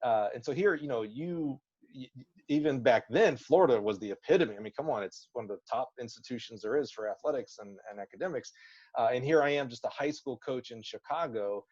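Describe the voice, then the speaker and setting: A man's voice: medium pitch, a little fast, darkish tone, slightly rough, muffled recording. A man hosting a podcast interview, talking enthusiastically and conversationally. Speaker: podcast host.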